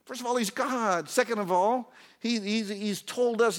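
A man preaching a sermon in church, acting out little voices and dropping from loud to hushed. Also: high-pitched, a little slow. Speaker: pastor.

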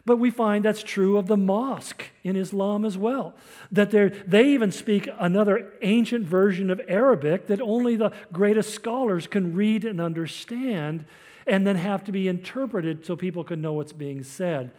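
A man's voice: high-pitched, normal speed, a little mellow. An older man preaching a sermon, explaining scripture in a teaching tone with storytelling asides. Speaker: pastor.

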